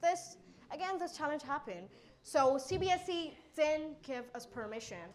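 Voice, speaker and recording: A woman's voice: high-pitched, moderate pace. A teenage girl from India with an Indian English accent, telling her life story as a motivational speaker and acting out what people said. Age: teen. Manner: animated, acts out quoted exchanges.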